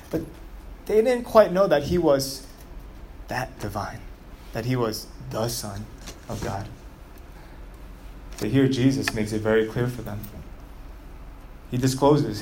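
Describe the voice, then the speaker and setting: A man preaching a sermon, telling the story in a lively way and asking the audience rhetorical questions. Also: medium pitch, unhurried, pauses often, a little hiss or hum.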